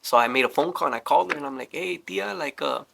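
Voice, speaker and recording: A young man casually telling a story, animated and swearing often as he acts out what people said. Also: fairly high pitch, quick pace, gravelly, slight background noise. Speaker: storyteller guest.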